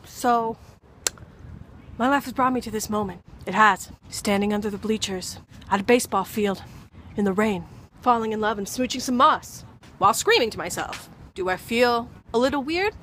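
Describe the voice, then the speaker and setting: A young woman vlogger films herself outdoors at a rainy baseball field, delivering a rambling, comedic monologue full of swearing. Her voice sits on the high side at a moderate pace, swinging from loud shouted outbursts to near whispers, over a little hiss or hum.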